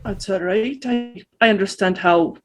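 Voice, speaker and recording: A man playing his character in a tabletop role-play game, calm and protective in tone. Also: high voice, a little slow. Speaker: player.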